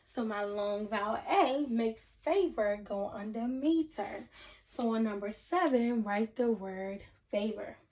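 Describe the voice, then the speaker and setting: A woman teaching a reading lesson to children, speaking slowly and deliberately, breaking words into syllables and checking in with the class. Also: a little high, animated, a little mellow. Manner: repeats sentences and checks in with the class.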